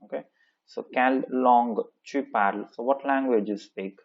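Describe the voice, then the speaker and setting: A man teaching a French lesson, reading textbook lines slowly and translating each one with many "okay, so" fillers. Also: medium pitch, muffled recording. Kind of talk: classroom lesson explaining a textbook dialogue.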